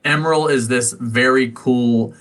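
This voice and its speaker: A man's voice: medium pitch, fairly even intonation, a little slow, a bit bright. A man narrating as game master, giggly and rambling, with many fillers.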